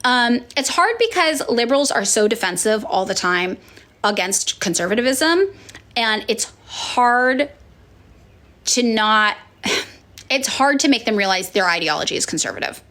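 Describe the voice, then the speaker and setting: Woman influencer, fairly high and very lively pitch, frank, profane, chatty viewer Q&A. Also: measured pace. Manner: frank and profane, acts out quoted people in sudden high voices; chatty with many fillers and sighs. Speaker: political influencer answering viewer questions. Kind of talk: casual chat.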